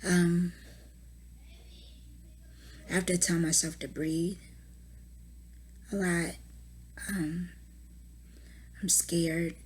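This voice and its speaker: Husky, exhausted young mother, whispering often. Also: fairly low pitch, level tone. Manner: emotional, halting, often drops to a whisper. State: exhausted and distraught. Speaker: mother giving a family update. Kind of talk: personal video diary. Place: at home.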